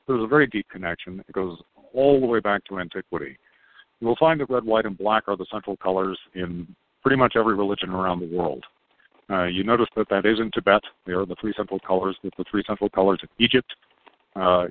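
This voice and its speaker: A man with a lowish voice explains things calmly as a podcast guest. The sound is tinny and phone-like, with a dry, close quality and no room echo. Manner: calm, unhurried explaining. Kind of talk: casual podcast conversation.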